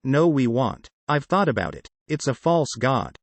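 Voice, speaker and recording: A man's voice: medium pitch, sing-song, normal speed, no echo. A man reading the part of a frightened young wife who speaks anxiously and pleads.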